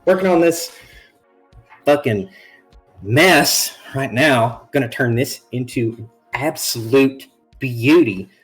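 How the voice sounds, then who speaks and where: A woman's voice: a bass voice, takes it slowly, soft background music, low-quality recording. A man voicing a scrappy young woman mechanic with a breezy, folksy, blunt way of talking that carries some cursing, in a tabletop role-play. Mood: cheerful. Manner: breezy, folksy slang, curses offhandedly.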